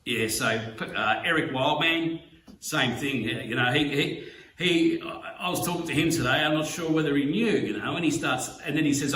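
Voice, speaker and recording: A man's voice: mid-range voice, sharp tone. Emotional Australian man, distant and roomy. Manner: emotional, halting, full of fillers and swearing. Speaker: slot car YouTuber. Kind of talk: heartfelt video message. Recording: roomy, distant mic, faint background hum.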